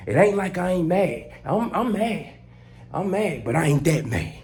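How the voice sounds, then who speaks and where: A man vlogging about his pets, telling a story in a casual, animated way and swearing constantly. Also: high-pitched, normal speed. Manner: animated, profane, heavy cursing. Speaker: pet owner vlogger.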